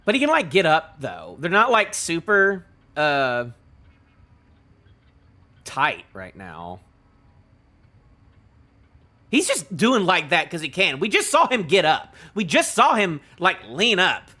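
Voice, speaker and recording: A man hosting a live reaction stream, chatting loosely and stumbling through restarts as he reads panels aloud. His voice sits a touch high and sounds bright, with an animated, swooping delivery. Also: slow, pauses often. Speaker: streamer reacting to a manga chapter.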